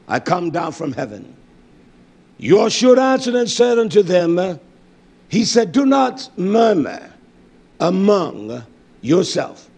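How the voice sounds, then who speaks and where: A man preaching a fervent sermon, reading scripture aloud with many fillers and hallelujahs, swinging from loud declaring to low muttering. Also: very animated, slow pace, creaky, long pauses, slightly rough.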